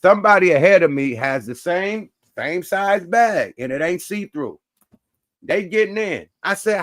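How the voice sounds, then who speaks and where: A man telling a story in casual chat, animated and slangy, acting out both sides. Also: fairly high pitch, measured pace, no room sound, studio quality. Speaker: host.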